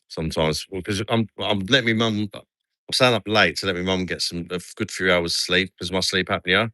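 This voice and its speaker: A man's voice: sits low, pushed and bright, no room sound. An English man chatting casually on a livestream, calling everyone "mate". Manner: chatty, says "mate" a lot. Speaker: livestream host. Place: outdoors at night in a resort town.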